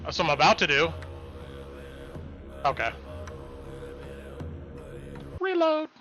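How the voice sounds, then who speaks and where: Brief: high, animated male game master, casual and halting, lo-fi sound. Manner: casual, with many fillers and restarts, animated narration. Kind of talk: narrating a tabletop game on a live stream. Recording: dull lo-fi stream audio with faint music.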